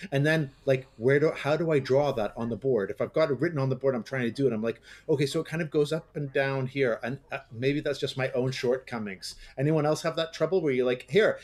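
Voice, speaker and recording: A man's voice: mid-range voice, a little mellow. A man co-hosting a teaching podcast, thinking aloud in a casual, hesitant way and acting out question intonation. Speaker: podcast co-host, English teacher. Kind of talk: casual discussion.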